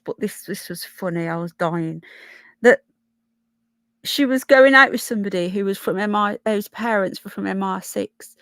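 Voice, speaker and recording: A woman's voice: a little high, a bit bright, no echo, clean studio sound. Chatty Brummie woman on a livestream. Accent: Brummie, with some Yorkshire. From Birmingham, England. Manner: chatty and blunt, swears, greets viewers with "love" and "sweetheart". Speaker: livestream host. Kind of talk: casual live chat reading comments and news.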